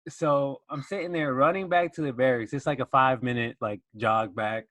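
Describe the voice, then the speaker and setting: A young man who served as a Marine, hosting a casual chat and telling stories with laughs and acted-out yells. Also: medium pitch, steady tone, normal speed, no room sound. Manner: laughs through his stories, acts out shouting drill instructors. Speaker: podcast host, former Marine.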